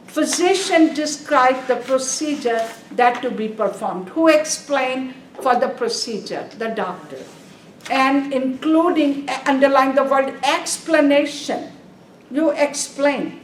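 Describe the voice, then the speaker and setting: A woman teaching a nursing exam review class in a classroom, quizzing her students and stressing key words. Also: high-pitched. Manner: quizzes students and repeats "are we clear?". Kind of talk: classroom lecture. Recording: roomy, distant, faint background noise.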